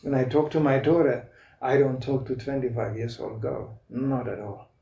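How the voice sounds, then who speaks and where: A man's voice: mid-range voice, fairly even intonation, moderate pace, vocal fry, mellow, recorded from a distance. A man in his fifties giving an anecdotal spiritual lecture, telling stories, laughing often and restarting his sentences. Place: club lecture room. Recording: roomy hall echo.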